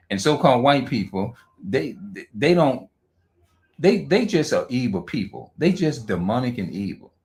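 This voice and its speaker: A man talking off the cuff on a livestream, rambling and profane, repeating and restarting his words, and reading aloud slowly with stumbles. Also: medium pitch, darkish tone. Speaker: livestream host. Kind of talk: unscripted livestream monologue.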